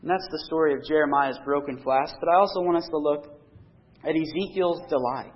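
A man's voice: fairly high pitch, brisk. A man preaching a sermon, reading scripture aloud and explaining it earnestly, pressing harder on key points. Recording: dull lo-fi recording.

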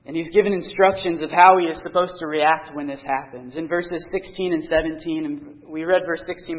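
A man's voice: on the high side, fairly even intonation, a little fast, hardly any pauses. A man preaching a sermon, reading scripture aloud and explaining it earnestly, pressing harder on key points. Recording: dull lo-fi recording.

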